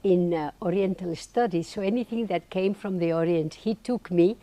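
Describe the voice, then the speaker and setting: An older woman, a podcast guest, telling her story in an animated way and poking fun at herself. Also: lowish voice, normal speed. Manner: animated, lively storytelling with playful self-mockery. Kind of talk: storytelling interview answer.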